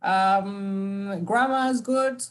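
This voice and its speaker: A man's voice: sits high, fairly bright tone. Brief: male language tutor, upbeat, patient, repeats words syllable by syllable. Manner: encouraging, drills words slowly syllable by syllable. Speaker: English teacher. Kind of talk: online class feedback.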